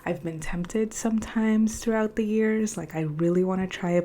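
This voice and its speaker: A woman's voice: fairly low pitch, steady tone, measured pace, few pauses, dark tone. A young woman chatting casually to camera about her planners, open and emotional, now and then dropping to a whisper. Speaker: planner unboxing vlogger.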